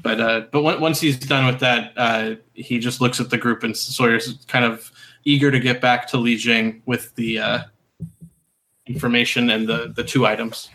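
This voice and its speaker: Brief: male player, bright forceful voice, rambling casual talk. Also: mid-range voice, flat delivery, normal speed. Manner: rambling, laughs often. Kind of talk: casual game chat.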